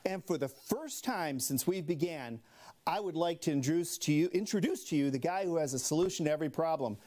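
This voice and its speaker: A man with an Upper Midwest American accent runs a local talk show's comedy monologue. His pitch rises and falls a lot as he sets up jokes, and he laughs softly at his own punchlines. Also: animated, fairly quick. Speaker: late-night comedy host.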